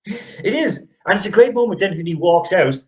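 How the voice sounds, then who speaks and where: A man's voice: high voice, expressive, normal speed, low-quality recording. Rambling middle-aged male podcast host. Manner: rambling, restarts often, chuckles. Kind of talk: casual movie review chat.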